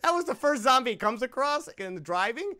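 A man hosting a podcast, ranting sarcastically and swearing as he reviews a low-budget film. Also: very animated, fairly quick, pushed and bright, smooth. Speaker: podcast host. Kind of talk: casual movie-review banter.

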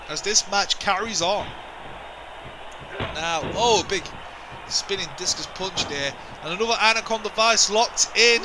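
High-voiced excitable male wrestling commentator. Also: noisy background. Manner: indignant, excitable, repeats himself. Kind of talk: play-by-play commentary over a video game wrestling show.

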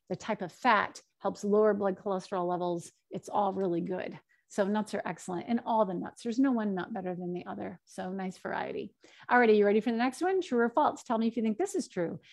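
A middle-aged woman dietitian giving an online health talk, lively and acting out both sides of her stories. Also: medium pitch, vocal fry. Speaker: dietitian presenter.

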